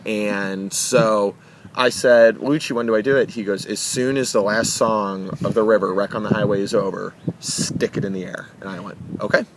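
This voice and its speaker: Animated young man telling a story. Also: on the low side, background noise. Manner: animated, acts out quotes, halting restarts. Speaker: interview guest. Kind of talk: excited storytelling. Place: in a car.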